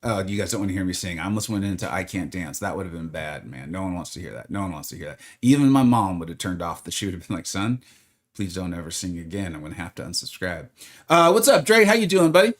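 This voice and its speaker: A man's voice: deep voice, very animated, fast, few pauses. A man streaming a game live, chatting casually and greeting viewers by name in a rambling, friendly way. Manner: rambling, with many fillers.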